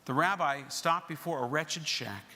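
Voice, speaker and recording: A man narrates a story with dramatic, expressive turns and then leads prayers. His voice is bright and a little high, and the long echo of a sanctuary surrounds it. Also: unhurried. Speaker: service leader. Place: synagogue sanctuary. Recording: reverberant sanctuary recording.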